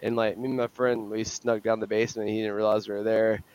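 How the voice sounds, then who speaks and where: A man's voice: lowish voice, level tone, quick pace, darkish tone, smooth, lo-fi sound. A man calling into a live stream, chatting crudely and telling a rowdy, profane story. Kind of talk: crude casual chat.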